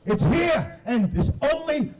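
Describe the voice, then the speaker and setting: A man giving a shouted, emphatic and profane speech to a crowd at an outdoor protest. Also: very high voice, very animated, slow pace, rough recording. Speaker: protest speaker. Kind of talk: rally speech.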